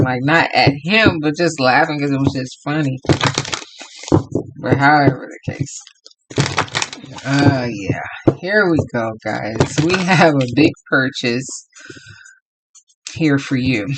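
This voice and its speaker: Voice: medium pitch, noisy background. A tarot reader from Los Angeles giving a casual, rambling reading to viewers and laughing often.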